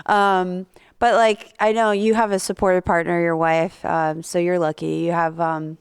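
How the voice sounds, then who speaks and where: Woman interviewer with a chatty, laughing delivery; smooth tone with a gravelly edge. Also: lowish voice, little pitch movement, normal speed, dry recording, studio quality. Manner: chatty, laughs often, many fillers. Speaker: podcast host and comedian. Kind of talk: casual interview chat.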